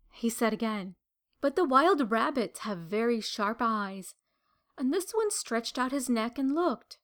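A woman narrating a children's story aloud in a gentle, measured and expressive way. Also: a little high.

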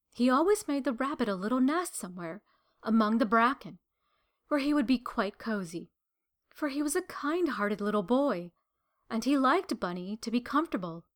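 A woman narrating a children's story aloud in a gentle, measured and expressive way. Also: on the high side.

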